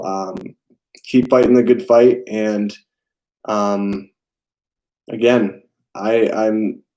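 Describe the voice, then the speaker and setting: Mellow-voiced young man chatting on a live stream. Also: lowish voice, low-quality recording. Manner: hesitant, many fillers, reads and answers chat. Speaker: film channel host. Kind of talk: casual live stream chat.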